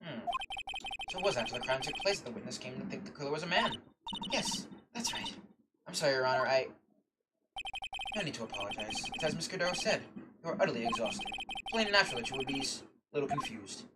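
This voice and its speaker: Streamer reading as a flustered old judge, high and loud, lively pitch, distant mic, loud music behind. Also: quick pace, pauses often, very noisy, close to an everyday voice. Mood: gentle. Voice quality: shouting, exclaiming. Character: flustered elderly male judge.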